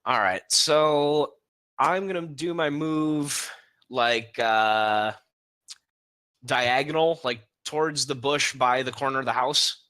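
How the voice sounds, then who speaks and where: Bright-voiced laid-back man gamer. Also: mid-range voice, slow, smooth. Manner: laid-back, slangy, swears casually. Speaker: player. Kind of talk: casual tabletop chat.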